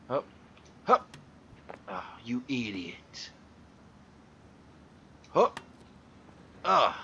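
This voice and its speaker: A man's voice: mid-range voice, sing-song, extremely slow, pauses often, sharp tone, husky, dull audio. A man giving gameplay commentary, frustrated and swearing as he talks to objects in the game. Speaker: gaming YouTuber.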